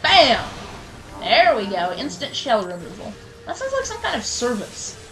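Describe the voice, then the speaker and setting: A woman with a slightly high voice whose pitch swoops wildly talks at a moderate pace, giving chatty let's play commentary full of self-mockery and abrupt mock-angry outbursts at enemies. Game music sits behind her on poor audio.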